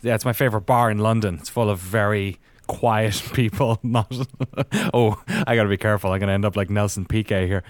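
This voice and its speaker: A man's voice: lowish voice, fairly even intonation, brisk, dry recording. A man co-hosting a casual podcast, rambling with lots of fillers and restarts. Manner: rambling, many fillers and restarts, laughs mid-sentence. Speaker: podcast co-host.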